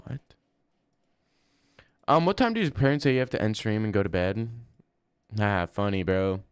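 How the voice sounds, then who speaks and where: A young man on a casual livestream who trades crude, deadpan jabs with his chat. His voice sits a bit low and comes through smooth and clear. It is close to a desk mic in a dry room. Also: moderate pace, no room sound.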